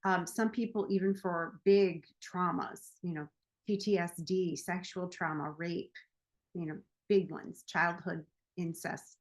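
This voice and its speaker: A woman hosting a show, talking casually to the camera in a playful, chatty way and laughing at herself. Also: mid-range voice. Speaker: host.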